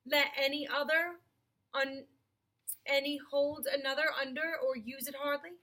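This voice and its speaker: A woman's voice: sits high, steady tone, bright, forceful tone. A woman voicing a solemn lion king. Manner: slow, grave, commanding. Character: majestic male lion king, solemn and kind.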